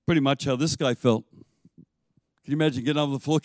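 Animated preacher man. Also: medium pitch, a little fast, long pauses, dry recording. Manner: animated, storytelling with laughs. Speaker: pastor. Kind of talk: sermon.

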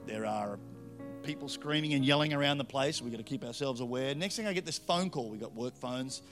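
A middle-aged man with an Australian accent preaching a story-filled sermon, swinging between loud punches and hushed asides. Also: medium pitch, fairly quick. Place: church with live band. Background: faint music from a band.

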